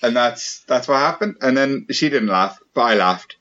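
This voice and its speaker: A man's voice: mid-range voice, lively intonation, normal speed, a bit bright. Dry-joking man, lo-fi sound. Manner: dry, joking, reads out questions. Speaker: podcast host. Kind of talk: casual chat. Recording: dull lo-fi sound.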